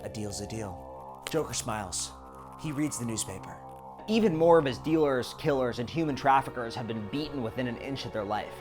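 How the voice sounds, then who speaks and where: A man casually narrating a retold film story in an animated way, with music underneath. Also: mid-range voice. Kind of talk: storytelling retelling of a film plot.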